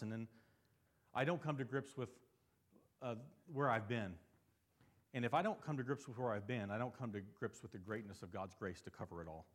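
A male pastor preaches a conversational sermon, frequently asking the congregation rhetorical questions. He swings between lively, emphatic stretches and soft, low, earnest passages.

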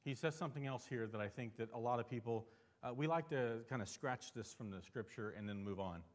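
Pastor guy preaching, chatty, mid pitch, gets loud and excited then drops soft and serious. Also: brisk. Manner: conversational preaching with frequent rhetorical questions; swings between animated emphasis and soft, low earnest passages. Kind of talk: sermon.

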